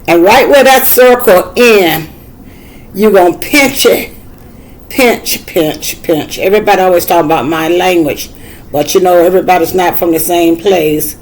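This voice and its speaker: A woman's voice: fairly low pitch, moderate pace, low-quality recording. Older Southern woman, chatty craft tutor. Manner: chatty, folksy, repeats herself while working. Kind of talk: casual how-to demonstration.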